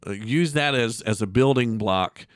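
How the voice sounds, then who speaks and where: A man's voice: medium pitch, dry recording, clean studio sound. A middle-aged man hosting a casual faith podcast, joking and often restarting his sentences. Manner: joking, halting with many restarts. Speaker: host. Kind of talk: casual Christian podcast chat.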